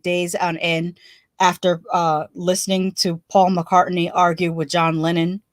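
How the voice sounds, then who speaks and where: A woman's voice: medium pitch, no room sound, studio quality. A woman hosting a casual live stream, chatting loosely, laughing often and restarting her sentences. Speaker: livestream host.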